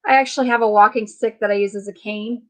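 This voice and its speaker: A middle-aged woman hosting a casual live chat, chatty and quick to laugh as she retells what people said to her. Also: medium pitch, fairly even intonation, rough recording. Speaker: host.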